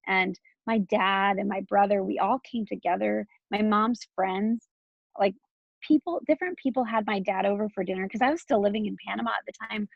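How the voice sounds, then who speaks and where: A woman's voice: medium pitch, a little fast, gravelly, no echo, phone-quality sound. A woman from Texas in her thirties, speaking as an interview guest in a loose, candid flow full of "like" and restarts.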